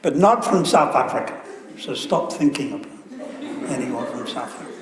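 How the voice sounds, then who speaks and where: Music plays in the background as a visiting guru, animated and at a moderate pace with a mid-range voice, gives a storytelling sermon in a temple hall. His manner is conversational and full of joking asides; the hall sounds echoey with faint ambience.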